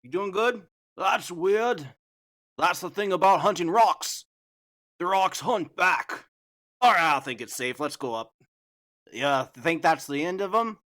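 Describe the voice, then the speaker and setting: A man's voice: high-pitched, lively intonation, unhurried, pauses often, fairly bright tone, pitched above the performer's own voice. A man voicing a rowdy Australian bushman in a comedic fan dub, with a put-on Australian accent and an exclaiming, jokey manner. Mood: blustery. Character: rowdy male Australian bushman hunting rocks.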